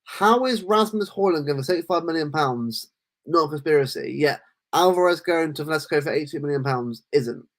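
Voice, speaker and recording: A man co-hosting a casual football podcast, talking in animated rants full of restarts. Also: a little high, fairly quick. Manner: animated, ranting, lots of restarts. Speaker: podcast co-host.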